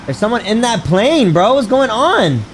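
With a very high voice at normal speed, a gaming streamer gives live commentary in a low-quality recording with a little hiss or hum. He addresses chat, reads menus aloud, swears frequently, and lets out excitable yelps of surprise.

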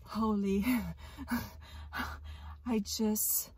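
A young woman retells a frightening incident outdoors in a park in a casual vlog. She sounds shaken and emotional and breaks into loud outbursts. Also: medium pitch, little pitch movement, very slow, dry recording. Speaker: parrot vlogger.

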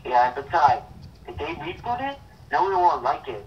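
A man's voice: a little high, big pitch swings, a little hiss or hum. Young man on a muffled distant line. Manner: halting, repetitive, blunt opinions. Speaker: co-host. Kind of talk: casual chat.

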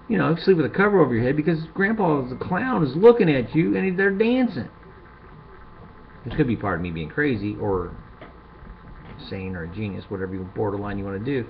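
A middle-aged man hosting a comedic monologue, rambling and crude, building to loud rants. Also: medium pitch, animated, a little fast, creaky. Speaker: show host. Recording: dull lo-fi sound with faint hiss.

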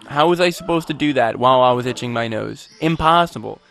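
A man's voice: mid-range voice, brisk, gravelly, a bit bright. A man playing a video game and narrating it in a rambling, goofy, self-mocking way, with sudden outbursts. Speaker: let's play gamer. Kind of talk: game commentary.

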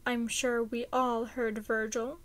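A woman voicing a calm, stiff and weary logical man in a fan fiction reading, speaking in a clipped, formal, flat way. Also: on the high side, takes it slowly. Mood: firm, bitter.

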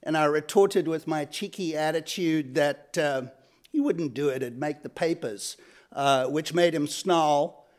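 South African man moderating a panel. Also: fairly high pitch. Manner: many fillers, halting, earnest. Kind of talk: panel introductions and personal story. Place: lecture hall.

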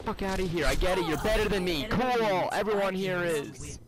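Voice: medium pitch, expressive, normal speed. A gamer giving casual commentary on a match, ranting and swearing at opponents nonstop. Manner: frustrated, swears constantly, rants at opponents. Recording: loud background noise.

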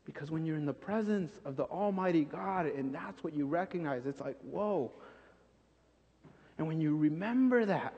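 A male preacher with a high voice delivers an animated sermon, acting out scenes and repeating phrases for emphasis. His words trail into a long church reverb, and the recording is muffled and dull. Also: moderate pace. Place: church sanctuary.

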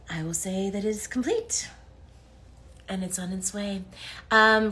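A woman's voice: fairly low pitch, a bit bright, slight background noise. A woman chatting casually on a livestream as she signs autographs, reading fan comments aloud and laughing often. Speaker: voice actress signing autographs on a livestream. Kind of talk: casual live chat while signing.

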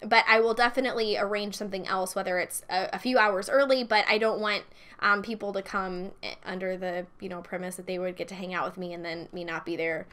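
A woman's voice: mid-range voice, fairly even intonation, brisk, a bit bright. A young woman chatting casually as she plays and comments on a game, bubbly and talkative. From United States. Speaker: Minecraft let's-play host.

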